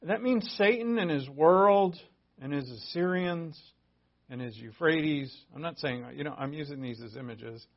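A man's voice: a little high, a little slow. A man preaching a casual sermon as pastor, talking in a conversational, emphatic way with asides and restarts. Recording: dull lo-fi audio.

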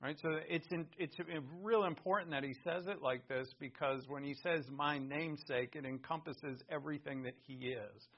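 A male pastor preaching a sermon, emphatic, swinging from loud stresses to hushed words. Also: a little high, moderate pace, few pauses. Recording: dull lo-fi recording.

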